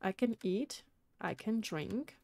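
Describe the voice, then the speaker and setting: A woman giving casual let's-play commentary, talking to herself excitably and throwing in mild mock swearing as she plays. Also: mid-range voice, slow, creaky, no echo. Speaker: gaming video creator.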